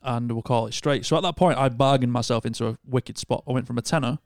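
A man tells a long story in casual podcast chat, circling back and restarting his sentences as he goes. His voice sits at an ordinary middle pitch. The sound is close and completely dry, with no room echo. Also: fast talker. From Northern England. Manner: rambling storyteller with many restarts. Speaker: podcast co-host.

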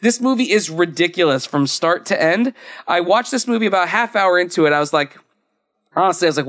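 Young male podcast co-host, high-pitched, casual and rambly. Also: fairly quick, a bit bright. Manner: chatty, rambling, laughs often. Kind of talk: casual chat.

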